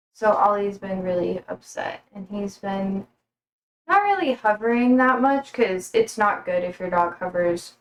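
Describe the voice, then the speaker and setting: A woman's voice: medium pitch, slight background noise, poor audio. A young woman livestreaming from her kitchen, chatting casually and rambling between talk to her pets. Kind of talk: casual chat while cooking.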